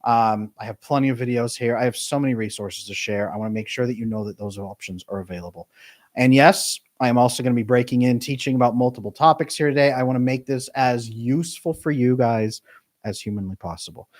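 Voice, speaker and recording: A middle-aged man, a relationship coach, talking to his live stream audience with emphatic, jumpy pitch on key words. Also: fast talker. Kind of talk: live stream talk to chat.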